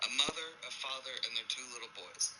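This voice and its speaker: A man's voice: quick pace, noisy background. A young man telling crude jokes to friends, acting out the characters with big jumps in his voice. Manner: animated storytelling, acts out characters with big pitch jumps. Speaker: joke teller.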